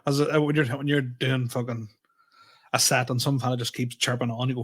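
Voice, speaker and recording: A man's voice: mid-range voice, flat delivery, fast. A man with a Northern Irish accent and a slight stutter, an easygoing comedian chatting on a podcast. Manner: easygoing, chuckles, says aye a lot. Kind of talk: casual chat.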